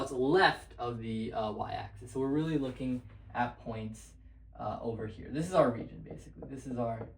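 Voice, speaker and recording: Rambling young man at a whiteboard. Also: mid-range voice. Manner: loose and rambling, with many fillers and restarts. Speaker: math tutor. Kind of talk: casual whiteboard lesson. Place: room with a whiteboard. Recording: echoey room.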